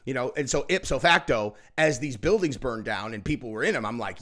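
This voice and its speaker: A man's voice: mid-range voice, brisk, few pauses, fairly bright tone. A man hosting a political commentary show, ranting in a heated, profane and mocking way, often acting out quotes.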